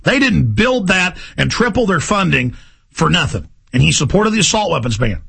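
Fired up guy ranting on his show, bright sharp tone, kinda raspy. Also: fairly high pitch, very animated, moderate pace. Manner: forceful, ranting, emphatic repetition. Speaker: talk show host. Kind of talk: impassioned monologue.

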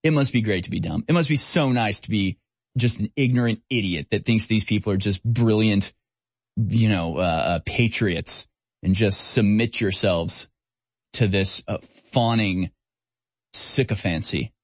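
A man's voice: fairly low pitch, a little slow, no echo. A man hosting a talk radio show, speaking in a sarcastic, mocking and scornful way as he rants and takes calls. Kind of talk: opinionated talk radio monologue.

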